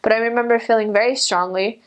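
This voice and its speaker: A young adult woman, a returned missionary, telling a personal story in a chatty, animated way, full of "like" fillers. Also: fairly high pitch, fast, smooth. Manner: chatty, animated, many "like" fillers, acts out quotes in a raised voice.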